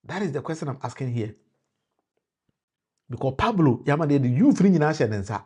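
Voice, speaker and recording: His voice sits a little high, sing-song and dark in tone with a slight roughness, and he speaks fairly quickly with a Ghanaian accent. Giving political commentary on a live stream, he mixes Twi with English, restarts phrases, and names individual viewers.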